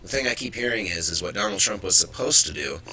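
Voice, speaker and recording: A man's voice: lowish voice, expressive, quick pace, creaky, sharp tone, a little hiss or hum, rough recording. A man hosting a live show, ranting with profanity and irritation about the news. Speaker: host. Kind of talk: live political commentary.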